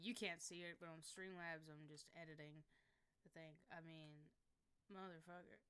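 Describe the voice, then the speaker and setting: A woman chatting casually on a livestream, excitable and foul-mouthed, who yelps and swears when things go wrong. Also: fairly low pitch, normal speed, clean tone. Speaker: streamer.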